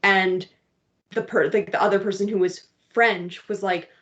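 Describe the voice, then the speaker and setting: A woman's voice: medium pitch, steady tone, moderate pace, a bit bright. Canadian woman on a dull, lo-fi line. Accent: Canadian English. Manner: rambling storyteller, many "like" fillers. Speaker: podcast co-host. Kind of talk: casual chat. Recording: dull lo-fi audio.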